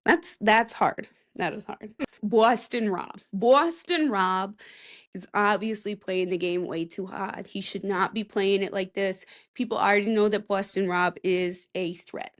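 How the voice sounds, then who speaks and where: A woman's voice: mid-range voice, fairly even intonation, moderate pace, few pauses. A young woman hosting a casual solo podcast, chatty and rambling, with self-mocking asides and a voice that cracks now and then. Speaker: podcast host.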